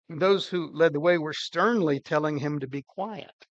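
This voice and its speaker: An older man preaching a sermon with emphatic, dynamic delivery, his loudness swinging widely. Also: a little high, moderate pace, hardly any pauses, no room sound, muffled recording. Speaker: pastor.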